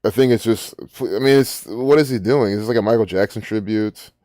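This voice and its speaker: A man's voice: fairly low pitch, a little fast, mellow, dry recording, studio quality. A man hosting his own channel, giving rambling, profane and indignant commentary while reading from a screen. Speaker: channel host.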